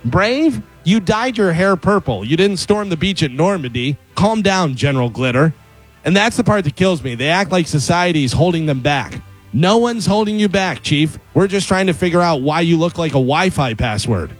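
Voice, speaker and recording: A man's voice: fairly high pitch, animated, moderate pace, faint music behind, rough recording. A man delivering a scripted comedic rant as an open letter, sarcastic and mocking. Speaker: segment contributor reading an open letter.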